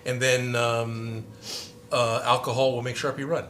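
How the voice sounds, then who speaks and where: A man's voice: mid-range voice, level tone, a little slow, fairly bright tone, a little hiss or hum. A man hosting a casual maker livestream from his workshop, chatting and reading out viewer comments.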